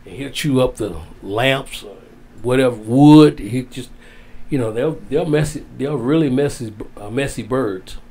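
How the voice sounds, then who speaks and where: An older man sits as an interview guest and tells a heartfelt story. He rambles and repeats his phrases in a plain, mid-pitched voice. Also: measured pace, gravelly, few pauses, dark tone, slightly rough. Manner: rambling, repeats phrases, Southern-style casual grammar. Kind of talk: emotional storytelling.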